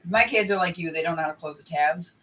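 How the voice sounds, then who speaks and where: A man's voice: fairly high pitch, quick pace, bright, forceful tone, rough recording. A man in casual conversation, telling family stories and laughing often. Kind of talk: casual chat.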